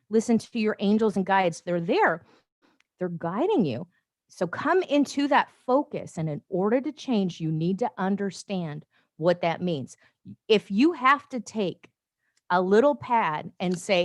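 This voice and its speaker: A woman hosting a spiritual show, giving an emphatic channeled reading that sometimes drops to a soft, hushed voice. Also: mid-range voice, animated, measured pace, no echo, studio quality. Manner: emphatic, repetitive exhortations. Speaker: show host, spiritual guide.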